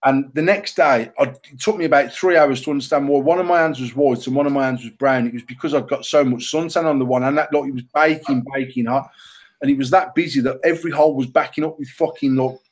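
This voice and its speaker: A middle-aged British man co-hosting a casual podcast, telling an animated, self-mocking story full of swearing. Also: mid-range voice, fast talker. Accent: British English. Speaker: podcast co-host.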